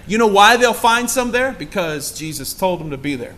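High, bright-voiced preacher acting out scripture. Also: male voice, expressive, moderate pace. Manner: dramatic, acts out quoted lines with big shifts in pitch and volume; asks the congregation direct questions. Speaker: pastor. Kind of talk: sermon.

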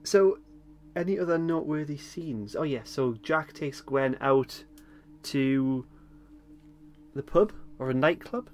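A man's voice: fairly high pitch, slow, a little mellow, a little hiss or hum. A man hosting a casual podcast chat, recapping a TV episode with frequent chuckles and hesitant ums. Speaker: podcast host.

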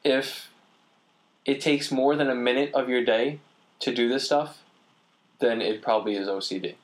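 A man chatting casually as a podcast co-host, telling stories in a relaxed, rambling way. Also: medium pitch, normal speed. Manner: rambling, relaxed storyteller with fillers. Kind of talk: casual chat.

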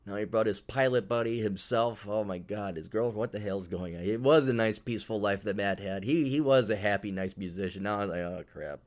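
A man's voice: fairly low pitch, fairly quick, hardly any pauses. A man hosting a casual solo podcast, talking in a blunt, profane, sarcastic way, rambling with fillers. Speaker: podcast host.

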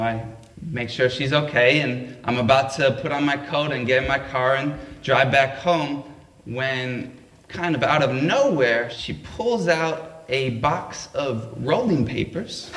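A man's voice: medium pitch, fairly bright tone. A man telling a funny personal story in a casual, laughing, anecdotal way. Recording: roomy echo.

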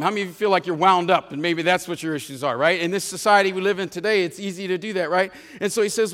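High-voiced preacher man in a reverberant church. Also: steady tone, fairly bright tone. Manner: storytelling preacher, drawn-out emphatic lines, repeats words. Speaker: pastor. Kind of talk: sermon. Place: church sanctuary.

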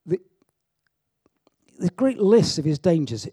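A man's voice: high-pitched, very animated, takes it slowly, mellow, slightly rough, no room sound, clean studio sound. A man giving an informal, joking sermon with frequent asides and restarts. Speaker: preacher. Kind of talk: informal sermon to a youth audience.

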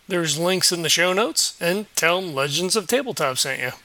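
A man hosting a tabletop game show, reading a sponsor spot and chatting casually about play, upbeat with sudden jumps in pitch. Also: lively intonation, moderate pace, sharp tone, dry recording. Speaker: host.

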